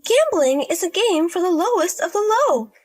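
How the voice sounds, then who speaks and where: A woman voicing a bossy, spiteful pregnant young sister-in-law who yells insults in a storybook. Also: very high-pitched, animated, normal speed, faint music behind. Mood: scornful. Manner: scornful, yelling insults.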